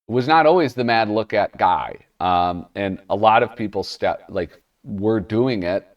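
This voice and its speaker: A man's voice: lowish voice, unhurried, recorded from a distance, muffled recording. A man casually commenting while flipping through an old comic magazine, rambling and cutting himself off mid-thought. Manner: rambling, self-interrupting, chuckling asides. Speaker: comic magazine reviewer, show host.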